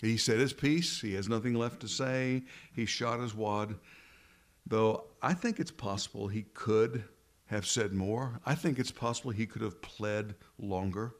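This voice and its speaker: Speaking in a fairly low voice, a pastor preaches in a conversational style, tossing rhetorical questions at the congregation and slowing to emphasize important words.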